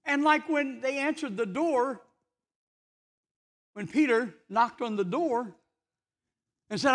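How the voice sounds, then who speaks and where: A man's voice: extremely high pitch, slow, long pauses, a bit bright. A man preaching a fervent church sermon, emphatic and full of rhetorical questions. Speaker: pastor.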